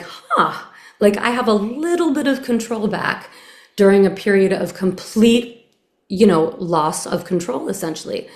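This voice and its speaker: A woman's voice: fairly low pitch, a little mellow. A woman hosting an interview, speaking earnestly and reflectively about her own experience. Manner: earnest, reflective, many quoted inner thoughts. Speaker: podcast host. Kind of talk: conversational interview. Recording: roomy echo.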